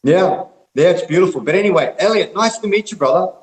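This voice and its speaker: A man's voice: high-pitched, animated, fairly quick. Laid-back rambling man, roomy echo. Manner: rambling, laid-back, heavy swearing, calls people mate and brother. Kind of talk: casual group call chat.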